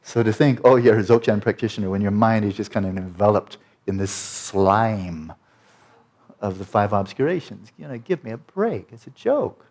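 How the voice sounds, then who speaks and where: A man's voice: on the low side, animated, moderate pace, a little mellow. A man giving a Buddhist teaching talk as a meditation teacher, blunt and joking, often mimicking the inner voices of his students.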